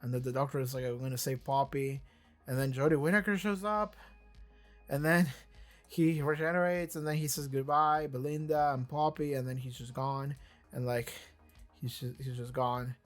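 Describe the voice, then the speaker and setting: An excitable reaction host rambles through casual commentary, tripping over restarts and swearing freely. The voice sits at a middling pitch, and faint music plays behind the talk. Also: moderate pace. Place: seated in a chair.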